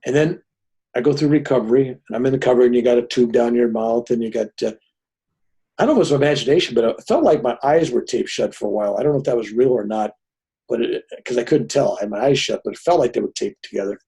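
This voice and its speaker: Older man with a mellow, husky voice. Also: medium pitch, quick pace. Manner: animated storyteller, often adds "right?". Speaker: podcast guest. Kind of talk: personal storytelling in conversation.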